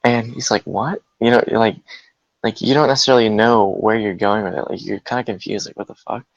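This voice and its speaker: Casting: low, gravelly man, rambling chatty storyteller, dry dull recording. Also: fairly even intonation, brisk, no room sound. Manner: rambling, laughs through his story, frequent fillers. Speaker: guest. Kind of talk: casual storytelling chat.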